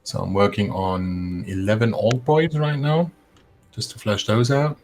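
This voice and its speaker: A man chats as a guest on a hobby stream. His voice sits fairly low, and he hesitates and restarts often. A faint hum runs underneath. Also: fairly even intonation, measured pace, a little mellow. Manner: hesitant, with many ums and restarts. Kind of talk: casual hobby chat.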